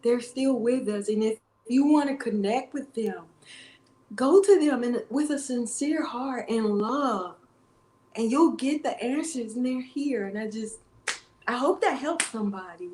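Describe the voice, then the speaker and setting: A woman in her forties, an interview guest, tells a personal story in a halting way and often repeats her words. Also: on the high side, a little mellow, reverberant, a little hiss or hum. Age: 40s. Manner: halting, repeats phrases, tearful at times.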